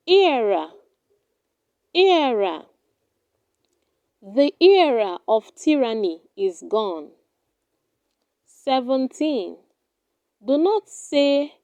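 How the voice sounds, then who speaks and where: A woman with a high but mellow voice reads a pronunciation lesson at a very slow, deliberate pace, saying each word twice. The recording is dry and close, with no room sound. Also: no echo. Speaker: pronunciation teacher. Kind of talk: slow scripted pronunciation drill.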